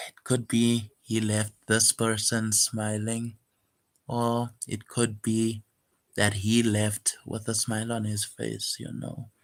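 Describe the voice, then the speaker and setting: A poet vlogger talks casually and hesitantly about his own poem in a reflective monologue, with lots of fillers and restarts. His voice is fairly low, monotone and slow, and he comes across as soft-spoken, wistful and guarded.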